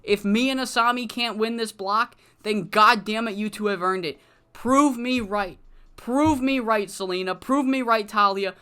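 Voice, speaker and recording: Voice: mid-range voice, unhurried, sharp tone, clean tone. Someone voicing a fiery, swearing stable leader woman. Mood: fired up. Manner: boisterous, swearing. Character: smug faction leader woman, gruff, fiery.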